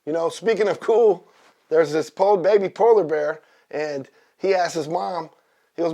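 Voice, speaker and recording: A man guesting on a comedy talk show, telling rambling jokes in a deadpan, drawling way. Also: fairly high pitch, a little slow. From Northern California.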